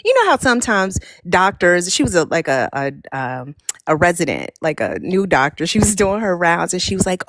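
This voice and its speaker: A woman's voice: medium pitch, brisk, dry recording. A woman and mother chatting casually on a live stream, telling funny stories and acting out what people said. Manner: animated storyteller, quotes people in voices. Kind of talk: casual chat.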